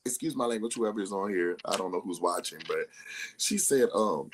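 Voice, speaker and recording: A man's voice: low voice, a little fast, a little hiss or hum. A young man, a guest on a casual live-stream chat, telling stories with bursts of laughter. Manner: animated storyteller who laughs often and acts out quoted people. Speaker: interview guest.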